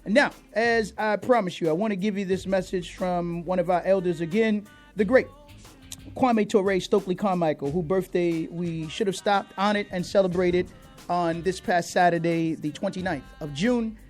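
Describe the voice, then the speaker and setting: A man hosting a radio talk show, introducing segments in a brisk, announcing manner. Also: high voice, faint music behind.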